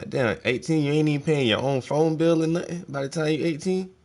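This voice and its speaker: A man's voice: fairly high pitch, a little fast, a little mellow. A man chatting casually while painting, telling laid-back, profane stories. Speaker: painting vlogger. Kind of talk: casual rambling chat.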